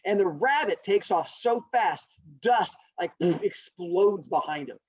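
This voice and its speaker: A male teacher tells a fable to his class over a video call. He rambles, jokes and keeps his voice lively and full of swings, and the audio is muffled and lo-fi. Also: sits high, takes it slowly, slightly rough. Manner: rambling, animated and jokey. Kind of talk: storytelling lesson.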